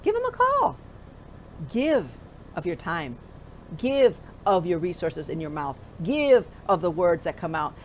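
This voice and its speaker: A woman's voice: fairly low pitch, lively intonation, unhurried, a little mellow, lo-fi sound, slight background noise. A woman pastor preaching a conversational sermon, often asking the listener direct questions.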